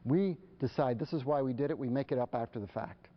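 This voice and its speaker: A man giving a live presentation to parents, animated and acting out the exchanges between parents and children. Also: mid-range voice, brisk. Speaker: speaker on parenting. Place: lecture hall. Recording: dull lo-fi live recording.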